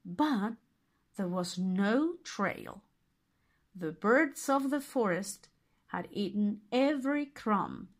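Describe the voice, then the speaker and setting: A woman reading a fairy tale aloud as narrator, expressive and deliberate. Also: medium pitch. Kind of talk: storybook reading.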